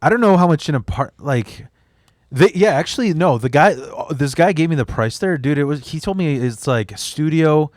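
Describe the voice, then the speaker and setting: Young comedian dude rambling thru a story, swears a ton, dry close sound. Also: male voice, fairly high pitch, animated, moderate pace, a little mellow, no room sound. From Chicago area. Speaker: stand-up comedian. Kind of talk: casual podcast chat.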